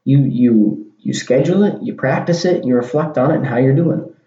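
A man's voice: medium pitch, fairly quick, dark tone. A man hosting a casual solo podcast, talking in a rambling way and often repeating and restarting his words. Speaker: podcast host. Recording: dull lo-fi sound in an echoey room.

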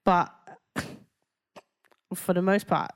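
A woman co-hosting a podcast, talking in an animated, exasperated way and jumping higher when she quotes people. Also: extremely slow, clean tone. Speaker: podcast co-host. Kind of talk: casual chat.

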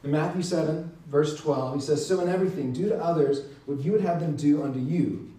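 A man teaching in an earnest, emphatic way, often checking in with a quick "right?". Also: a little high, dark tone. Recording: roomy sound, mic at a distance.

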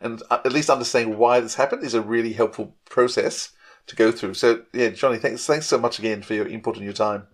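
A man's voice: mid-range voice, a little fast. A man hosting a podcast, thanking his guest in an earnest, appreciative way. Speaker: podcast host. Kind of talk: casual interview talk.

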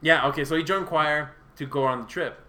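A man's voice: on the high side, fairly quick, bright, forceful tone, slight background noise. A young man co-hosting a podcast, telling stories in casual chat, swearing a lot and laughing as he talks. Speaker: podcast co-host.

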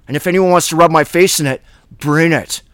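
A man's voice: on the high side, brisk, fairly bright tone, clear, resonant tone, no room sound. A man hosting a Bible study, preaching in a blunt, fiery, plain-spoken way.

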